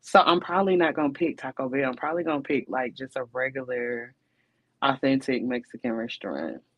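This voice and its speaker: A woman's voice: a bass voice, brisk, muffled recording. Chatty woman podcast co-host. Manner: chatty, rhetorical, keeps asking "you know what I'm saying". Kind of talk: casual relationship chat.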